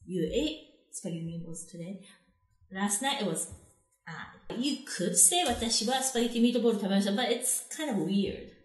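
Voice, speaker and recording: A woman's voice: mid-range voice, expressive, fast talker, roomy sound. A Japanese woman co-hosting a casual language lesson, speaking slightly broken English and laughing often. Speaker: co-host teaching Japanese.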